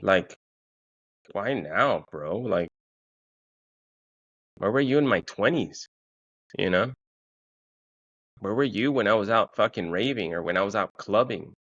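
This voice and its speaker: Socal dude in his 30s, deep-ish voice, rambling sweary story, muffled lo-fi sound. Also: unhurried, long pauses, no room sound. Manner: profane storytelling, quoting himself in a raised, excited voice. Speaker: podcast host. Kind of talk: casual solo monologue.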